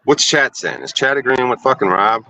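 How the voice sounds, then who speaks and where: A man's voice: normal speed, sharp tone. A young man hosting a livestream from his car, ranting and swearing in heated casual talk. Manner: profane and agitated, rants with rising pitch. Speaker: livestream host.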